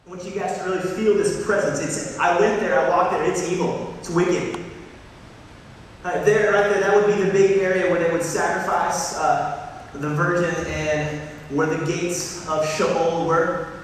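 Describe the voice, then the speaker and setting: A man preaching a sermon, animated and building to impassioned peaks. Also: high-pitched, measured pace. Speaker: pastor. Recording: echoey hall from far off, faint noise.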